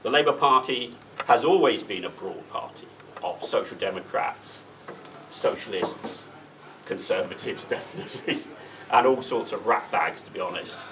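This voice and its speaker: In a meeting room, a middle-aged man with a fairly low voice delivers a political speech as a guest speaker, speaking at normal speed. He's blunt, wry, and drops sardonic remarks between points. The distant mic leaves him sounding set back and dull, with a faint underlying hiss.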